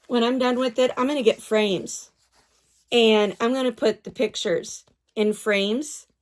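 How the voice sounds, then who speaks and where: Slow, gushing higher-voiced woman. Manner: gushing, repeats herself, stumbles over names. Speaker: doll collector vlogger. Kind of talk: casual vlog chat.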